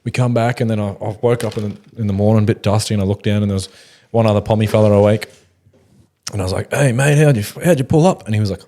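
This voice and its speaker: Fast-talking laid-back Australian bloke. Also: male voice, lowish voice, little pitch movement, mellow. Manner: swearing, laid-back slang, fast storytelling. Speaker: podcast co-host. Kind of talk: casual chat, storytelling.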